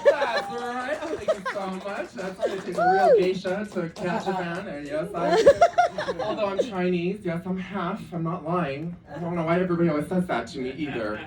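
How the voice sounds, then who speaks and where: A man's voice: sits high, sing-song, moderate pace. A man doing a stand-up comedy set in a club, campy and self-deprecating, chatting with lots of asides. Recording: echoey club room, distant mic, audience noise. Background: audience laughter.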